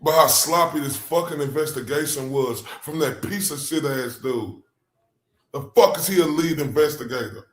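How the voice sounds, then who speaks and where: A man reacting live to trial commentary, his voice sitting a little high and ringing in a roomy space. He talks in a heated, profane rush, addressing his audience directly. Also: moderate pace. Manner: profane, fired up, animated.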